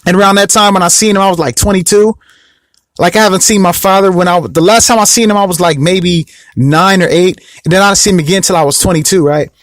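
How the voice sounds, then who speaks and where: A man's voice: sits high, fast, a bit bright, no echo, studio quality. A young man casually telling a personal story to the camera, rambling and repeating himself and often asking whether you know what he means. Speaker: vlog host.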